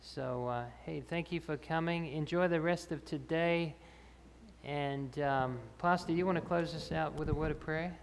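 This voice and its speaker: Gravelly man answering questions in a hall. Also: fairly high pitch, moderate pace. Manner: explanatory, with many fillers and restarts. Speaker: health speaker. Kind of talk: Q&A after a health talk. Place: church hall. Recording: reverberant church hall, faint ambience.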